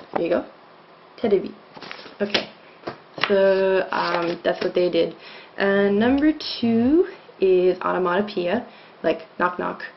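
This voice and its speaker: A woman's voice: fairly low pitch, vocal fry, a little hiss or hum. A woman giving a casual video lesson, explaining with many ums and restarts, recorded as a dull lo-fi home video. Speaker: language teacher.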